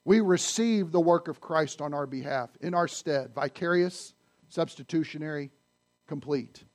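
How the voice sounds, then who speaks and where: A man preaching a sermon to his congregation, conversational and animated, often asking the audience questions. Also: a little high, measured pace. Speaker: pastor. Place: church sanctuary.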